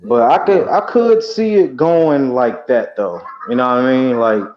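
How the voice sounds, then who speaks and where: A man's voice: mid-range voice, animated, a little slow, dull audio, slight background noise. A man co-hosting a casual, profane chat, repeating himself to drive his point home. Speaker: podcast co-host.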